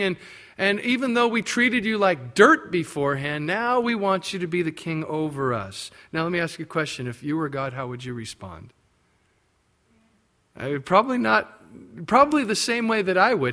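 A male preacher works through a scripture passage verse by verse. His voice sits fairly high, and he acts out the quoted characters in a louder voice. To land his points, he turns low and quiet. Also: very animated, normal speed. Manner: expository preaching, acting out biblical quotes in raised voices; drops low and quiet for emphasis. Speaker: pastor. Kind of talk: sermon.

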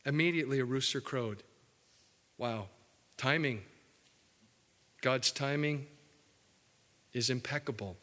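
A male pastor preaching a folksy, joking sermon, dropping low and soft for the solemn points. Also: slow, pauses often, in a large hall.

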